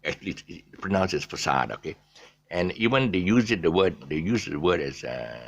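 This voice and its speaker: A man's voice: low voice, expressive, a little fast, lo-fi sound. A man giving a casual English pronunciation lesson, hesitant and full of fillers, often spelling words out letter by letter.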